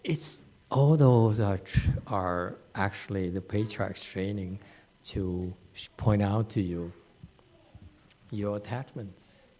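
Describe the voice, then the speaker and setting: A man giving a dharma talk to students in a slow, unhurried way. He speaks plainly and bluntly, teasing his listeners. His sentences are full of fillers and restarts. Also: on the low side, warm tone. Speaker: Buddhist teacher. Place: meditation center hall.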